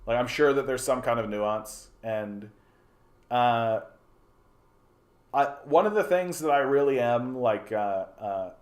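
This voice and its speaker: A man's voice: mid-range voice, slow, pauses often, darkish tone. A man hosting a casual political stream, talking bluntly with lots of restarts and profanity. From Canada. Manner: rambling, blunt, profane, many restarts and fillers. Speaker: livestream host. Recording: roomy echoey room.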